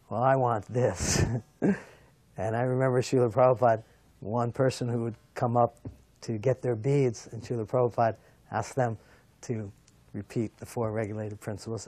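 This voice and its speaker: A soft-spoken man calmly recalling a first meeting as a devotee, with a thoughtful, gentle delivery. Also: mid-range voice, no echo. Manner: soft-spoken, thoughtful, chuckles now and then. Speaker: devotee sharing memories. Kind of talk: reflective recollection.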